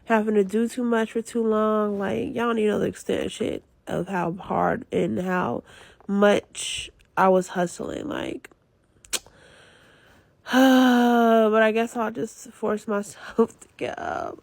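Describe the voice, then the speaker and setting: A woman's voice: medium pitch, steady tone, slow pace, gravelly, a little mellow, dry recording. A young woman, a student with a retail job, lying in bed and venting about being exhausted, swearing often. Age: young adult. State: very tired. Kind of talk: casual vlog confession.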